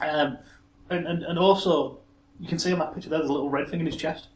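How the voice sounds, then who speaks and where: A man co-hosting a casual chat about toys, excitable and quick to laugh. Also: a little high. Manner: excitable, laughs often, repeats words for fun. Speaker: podcast co-host. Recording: echoey room with faint hiss.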